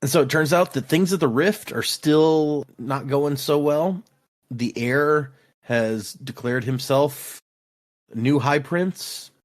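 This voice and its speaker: A man's voice: on the high side, slow pace. A man casually recapping book chapters for a podcast, slipping into playful quoted voices. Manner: animated, recaps scenes with lively acted-out quotes. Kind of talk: casual book club chat.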